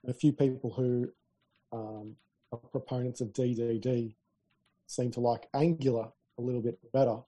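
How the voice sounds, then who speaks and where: Husky-voiced man telling a story. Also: medium pitch, steady tone, moderate pace, mellow. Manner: chatty, laughing easily, storytelling. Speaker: podcast co-host. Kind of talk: casual tech chat.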